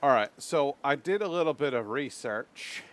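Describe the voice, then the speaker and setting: A man's voice: mid-range voice, normal speed. A man streaming from home, chatting casually with his viewers. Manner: chatty, swings into excited baby talk with his dog. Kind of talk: casual live-stream chat.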